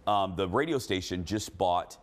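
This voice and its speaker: Loud, animated middle-aged talk show host. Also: male voice, deep voice, moderate pace. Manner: loud, animated, laughs at his own stories. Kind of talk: casual chat, storytelling.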